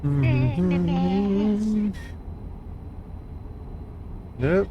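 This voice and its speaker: A man's voice: high-pitched, animated, very slow, lo-fi sound, music in the background. A man chatting with friends during a game, with dry, sarcastic remarks. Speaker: friend on voice chat. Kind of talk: casual gaming chat.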